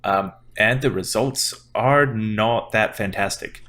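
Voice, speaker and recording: A man's voice: fairly low pitch, slow, fairly bright tone. A man hosting a casual podcast, explaining things at length with a lot of fillers. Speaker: podcast host.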